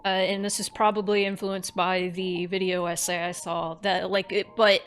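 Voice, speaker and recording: A woman's voice: mid-range voice, little pitch movement, normal speed, smooth. A woman streamer giving candid, casual commentary on a horror game, thinking aloud and swearing freely.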